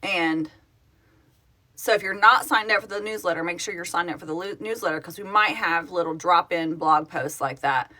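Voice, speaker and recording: A woman who founded a fan project, hosting a casual live stream, answering viewers' comments in an excitable, gushing way and laughing often. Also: on the low side, normal speed.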